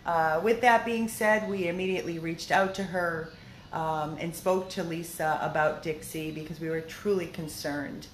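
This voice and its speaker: A woman's voice: on the low side, steady tone, moderate pace. Chatty woman in an echoey room. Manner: heartfelt, chatty, many fillers. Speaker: dog rescue organizer. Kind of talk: casual video update. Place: indoors at a dog rescue house. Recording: echoey room with faint noise.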